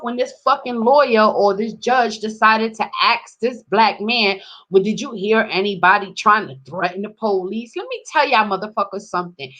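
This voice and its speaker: A woman delivering an angry, profane monologue to camera, swinging between loud outbursts and low muttering. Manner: heated, profane ranting.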